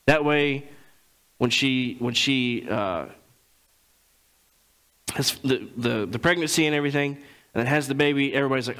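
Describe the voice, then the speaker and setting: A man's voice: medium pitch, normal speed, long pauses, fairly bright tone, rough recording. Man preaching, casual retelling. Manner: retells scripture in casual paraphrase, frequent throat clearing. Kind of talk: sermon.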